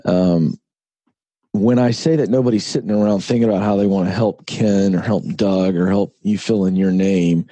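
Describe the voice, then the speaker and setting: A man's voice: on the low side, mellow, slightly rough, no echo. A middle-aged man, an author and broadcaster, speaking earnestly in an interview and telling stories with emphatic repetition. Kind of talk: conversational interview.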